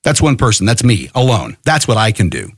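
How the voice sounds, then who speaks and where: A man's voice: lowish voice, huge pitch swings, a little fast, no echo, clean studio sound. A middle-aged American man hosting a podcast, delivering a fiery, profane political monologue that urges listeners to act. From United States. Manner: fiery, profane, rallying exhortation. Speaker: podcast host.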